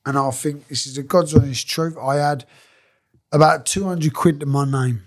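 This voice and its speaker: A man's voice: fairly high pitch, fairly even intonation, normal speed. A man guest on a podcast, telling work stories in casual, swearing, laughing banter full of slang. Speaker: podcast guest, former scaffolder and boxer. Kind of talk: casual storytelling chat.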